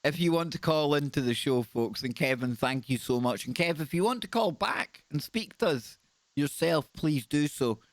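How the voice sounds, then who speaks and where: A man's voice: fairly high pitch, animated, normal speed, dry recording. A man hosting a live call-in radio show, chatty and upbeat, often repeating words as he talks to callers.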